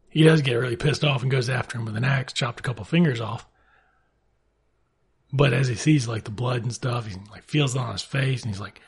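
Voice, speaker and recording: A man's voice: mid-range voice, vocal fry, slightly rough. A man retelling a novel's plot in a casual, sarcastic and heavily profane way. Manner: sarcastic, swearing, offhand. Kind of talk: casual profane book recap.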